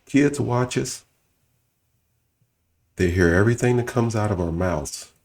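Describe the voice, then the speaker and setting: A man giving sarcastic, scolding reaction commentary with a gravelly voice. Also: on the low side, unhurried, darkish tone.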